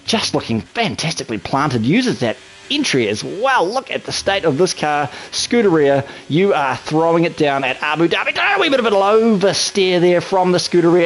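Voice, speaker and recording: Excitable male race commentator. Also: a little high, normal speed, slight background noise, rough recording. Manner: excitable, colloquial, talks through an onboard lap. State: a little out of breath. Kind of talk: energetic sim racing commentary.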